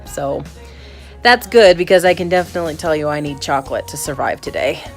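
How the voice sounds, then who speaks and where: Upbeat woman vlogger, slightly low voice, casual talk to camera. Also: a little fast, soft background music. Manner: chatty, upbeat and candid. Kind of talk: casual video diary.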